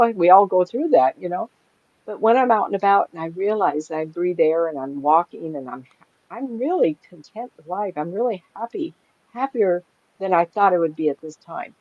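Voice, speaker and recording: A woman's voice: lowish voice, dry recording. Chatty older woman telling stories. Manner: chatty and animated, laughs often while telling anecdotes. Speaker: psychic medium guest. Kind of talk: casual storytelling in an interview. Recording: dry, slightly dull lo-fi sound.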